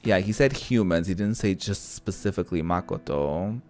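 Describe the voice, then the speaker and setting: A man's voice: low voice, moderate pace, soft background music. A man giving casual, playful commentary over a video game, teasing the characters and laughing at the dialogue. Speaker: gaming video creator.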